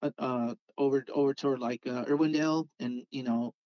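A man's voice: mid-range voice, brisk, no echo, dull audio. A man casually telling a rambling story about customizing toy cars, acting out the voices of his friends along the way. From Southern California. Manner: rambling, animated when quoting others. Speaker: guest, Hot Wheels customizer.

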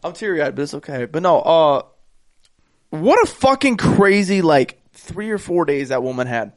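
A man co-hosting a casual chat, swearing freely and jumping into high, excited bursts when worked up. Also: unhurried. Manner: profane, animated, swings into high excited bursts. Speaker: podcast co-host.

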